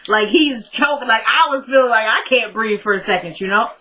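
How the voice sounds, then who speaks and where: A woman's voice: on the high side, a little fast, sharp tone, poor audio. A young woman recapping a TV episode in casual chat, talking straight to her viewers and laughing often. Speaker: TV recap vlogger.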